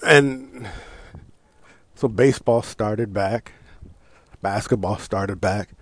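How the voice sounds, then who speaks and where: Slow and husky with a lowish voice, this American host goes on a profane sports rant on his casual talk show, with no room sound. Loose and animated, he swears constantly, laughs and restarts his lines.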